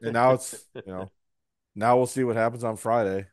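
Man, wry and teasing, casual podcast co-host, mid pitch, dry close sound. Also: fairly even intonation, a little mellow, no room sound. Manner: wry, mocking asides with quick put-on voices. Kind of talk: casual wrestling podcast chat.

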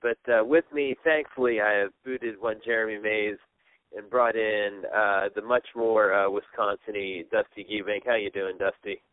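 Male podcast host, relaxed and hesitant, heard over a thin phone-like line. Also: lowish voice, moderate pace, clear, resonant tone, no room sound. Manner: relaxed, hesitant with many fillers. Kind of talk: casual podcast chat. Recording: narrow phone-like sound, dry.

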